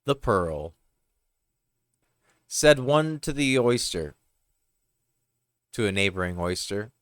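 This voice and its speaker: A man reading parables aloud, unhurried, with the odd slip and correction. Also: lowish voice, lively intonation, no room sound. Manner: unhurried, with occasional slips. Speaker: reader.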